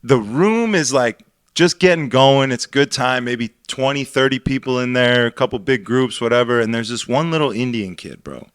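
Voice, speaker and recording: A man's voice: medium pitch, normal speed, a bit bright, no echo, studio quality. A young man co-hosting a podcast, telling a rambling, profane story about DJing in casual chat. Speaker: podcast co-host and DJ.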